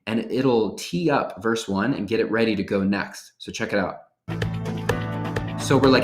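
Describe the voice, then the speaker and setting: A man presenting a workshop, walking through software features step by step in an upbeat, casual way. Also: on the low side, unhurried, pauses often, roomy sound, faint music behind. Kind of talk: software tutorial demonstration.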